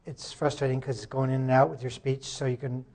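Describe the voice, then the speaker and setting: During a live conference presentation, a man with a medium-pitched, slightly mellow voice speaks in a flat, halting way. He often breaks off mid-sentence to sort out his slides and fix tech problems.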